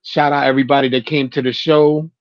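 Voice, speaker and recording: A man co-hosting a casual sports podcast, easygoing and low-key. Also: level tone, fast, dry recording, highs cut off. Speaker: podcast co-host.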